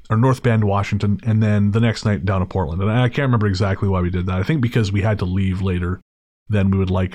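A man's voice: lowish voice, darkish tone, no room sound, clean studio sound. A man hosting a podcast, telling a story in a casual, wry and digressive way, with frequent restarts. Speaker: podcast host.

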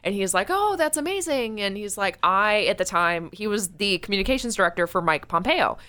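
A woman's voice: medium pitch, fairly quick, clear, resonant tone. A young American woman, a podcast guest, telling a story animatedly with lots of "like" and frequent laughter. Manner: animated storyteller, laughs often, says "like" a lot. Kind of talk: casual interview chat.

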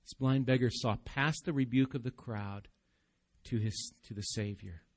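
Man, pastor, live church sermon, animated preaching, mid-pitched voice, soft asides. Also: a little slow. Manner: animated preaching, acting out crowd and beggar, dropping soft for emphasis.

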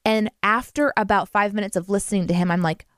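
A woman chatting casually as a co-host about a movie, animated and full of restarts. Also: medium pitch, quick pace, no room sound, studio quality. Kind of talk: casual chat.

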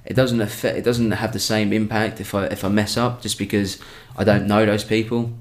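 A man's voice: fairly low pitch, level tone, a little fast. A young man, a stand-up comedian, chatting casually on a podcast and rambling through many restarts.

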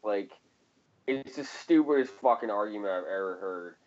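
A man's voice: lowish voice, animated, normal speed, a little mellow, highs cut off. A man co-hosting a casual podcast chat, profane and ranting, laughing often. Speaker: podcast co-host.

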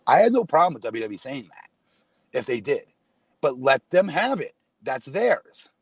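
Male podcast co-host, mid-pitched, loose and chatty, quick to laugh. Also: sing-song, slightly rough, no echo. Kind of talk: casual wrestling podcast chat.

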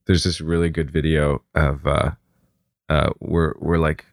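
A man's voice: a bass voice, little pitch movement, measured pace, dry recording, studio quality. A man, a comedian guest, telling stories in casual conversation. He acts out voices and laughs often.

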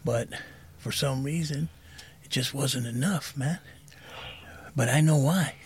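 A soft-spoken man in his fifties, telling his own story candidly as a podcast guest. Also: medium pitch, slow, a little hiss or hum.

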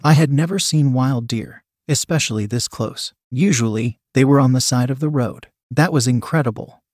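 A man's voice: medium pitch, moderate pace, darkish tone, dry recording. Man narrating a story in a dry, close voice. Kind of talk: first-person story narration.

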